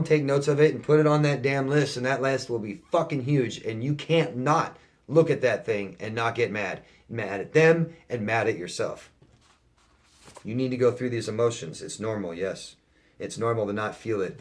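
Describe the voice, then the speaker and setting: A man of ordinary pitch works through viewer questions as a life coach. He reads each question aloud, then answers it bluntly and profanely, hammering his points with repetition. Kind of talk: viewer Q&A monologue.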